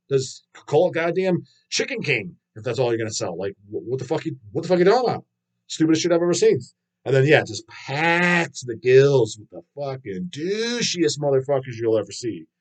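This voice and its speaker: A man's voice: a little high, big pitch swings, a little fast. Profane ranting man. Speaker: host reading viewer comments. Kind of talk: casual live-stream chat.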